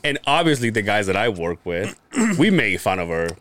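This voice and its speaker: A man's voice: lowish voice, big pitch swings, normal speed, a bit bright. A man co-hosting a podcast, telling profane work stories in casual chat and laughing often. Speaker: podcast co-host.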